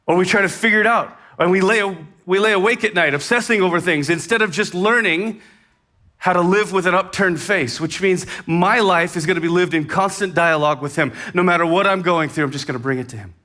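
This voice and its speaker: A man's voice: high voice, a little fast. Conversational male pastor preaching. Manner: conversational, animated with sudden rises and soft drops. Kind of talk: sermon. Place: church.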